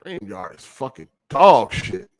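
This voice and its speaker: A man runs a gaming podcast stream and rants about his frustrations with heavy profanity and slang in a casual way. His medium-pitched voice swings widely in pitch and stays unhurried, and the audio is a streaming setup over a weak connection.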